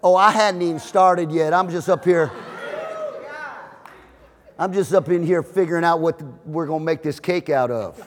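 A man preaching a sermon as pastor, emphatic and joking, with shouted peaks. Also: fairly high pitch, moderate pace, long pauses. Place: church auditorium. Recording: reverberant hall.

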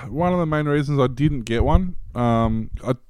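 A man's voice: medium pitch, moderate pace, a little mellow, clean tone, no room sound, clean studio sound. A man in casual chat, explaining things in a loose, rambling way.

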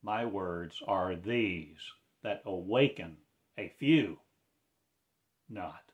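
A man delivering a rambling prophetic monologue in a slow, incantatory way, breaking into loud proclamations. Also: low voice, dull audio.

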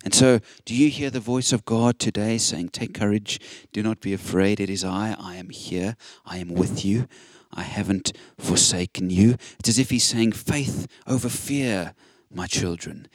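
A man with a lowish voice preaching an earnest, encouraging sermon. He leans on the scripture he quotes and stresses each line. The sound is close and dry, with no room around him. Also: steady tone, moderate pace, hardly any pauses, no echo.

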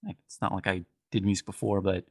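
A man's voice: low-pitched, fairly even intonation, breathy edge, no room sound, studio quality. A man voicing an earnest male adventurer who speaks kindly and reassuringly, with small hesitations. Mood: sincere. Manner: kind, reassuring, slightly halting. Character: gentle, earnest male adventurer offering comfort.

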